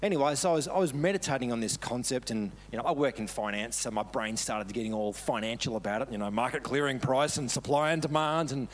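A man's voice: mid-range voice, fast talker, hardly any pauses. A man preaching a casual, storytelling sermon with self-deprecating humour, laughing often as he talks. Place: church service.

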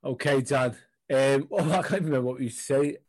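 A man's voice: medium pitch, moderate pace, darkish tone. A man co-hosting a casual podcast, jokey and teasing, laughing often. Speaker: podcast co-host.

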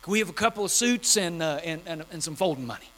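A preacher doing a sly, wheedling servant. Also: male voice, fairly high pitch, lively intonation, quick pace, a bit bright, rough recording. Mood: scheming. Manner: wheedling, hesitant. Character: greedy sly male servant.

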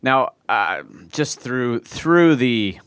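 A man's voice: mid-range voice, lively intonation, drawn-out words, a bit bright, clean tone, dry recording, clean studio sound. A man hosting a podcast who speaks hesitantly, with many fillers and restarts, as he asks his guest questions. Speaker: podcast host. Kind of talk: casual interview chat.

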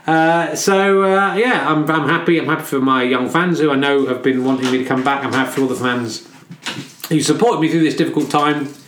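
A man's voice: a little high, fairly even intonation, brisk, fairly bright tone, natural voice. Man voicing a cocky male snooker player, rambling and boastful; echoey room. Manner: boastful, rambling post-match interview answers. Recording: echoey room with faint noise.

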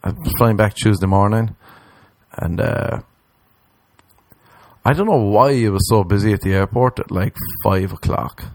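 A man, a comedian, spins a loose anecdote in casual chat. His voice sits a little low, and he swears freely while mimicking the people in his story. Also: measured pace, long pauses, darkish tone, dry recording. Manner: swearing, acts out quoted voices.

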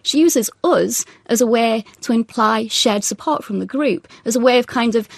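Brief: mid-pitched woman academic guest, explanatory and calm, a touch of vocal fry, dry studio. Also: dry recording. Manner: measured, explanatory. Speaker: linguist guest. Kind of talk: radio interview.

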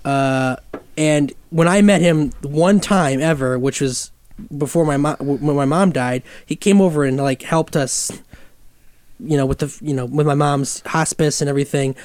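A man from Michigan rambling through a profane, self-mocking story as a podcast co-host. His voice sits slightly high and stays loose and casual. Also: moderate pace, a little mellow, dry recording.

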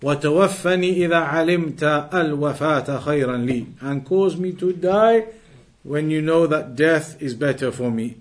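A man teaching an Islamic lesson who recites Arabic passages quickly and then explains them patiently, repeating and rewording phrases. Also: a little high. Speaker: religious teacher.

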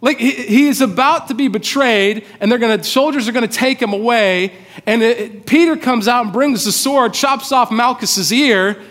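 A man's voice: very high voice, normal speed, fairly bright tone. A man preaching a sermon as pastor, casual and conversational, with informal asides. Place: church hall. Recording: long reverb of a large hall.

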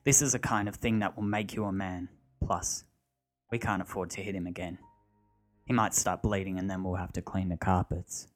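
A cold, ruthless thug in a storybook reading, speaking low, flat and matter-of-fact, as a man voices him. The voice stays deep and quiet, never rising. Faint music plays underneath. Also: moderate pace, lightly acted.

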